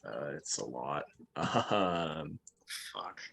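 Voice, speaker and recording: A man's voice: rumbling low, expressive, very slow, gravelly, a bit bright, husky. A man playing in a tabletop game, laid-back and swearing casually. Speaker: player.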